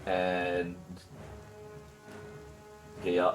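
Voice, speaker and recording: A man's voice: low-pitched, little pitch movement, moderate pace, soft background music. A man playing a tabletop game, describing his character's actions. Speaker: player. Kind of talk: casual chat.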